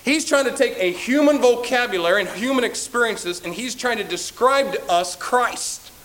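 High-voiced emphatic preaching man. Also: lively intonation, moderate pace, low-quality recording. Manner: emphatic, swings from quiet to shouting; folksy, acts out everyday quotes. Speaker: pastor. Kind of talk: sermon.

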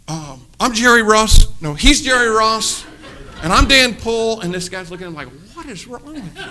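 Bright-voiced animated preacher man. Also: mid-range voice. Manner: animated storyteller, acts out voices, swings from loud to hushed. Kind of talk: sermon with storytelling.

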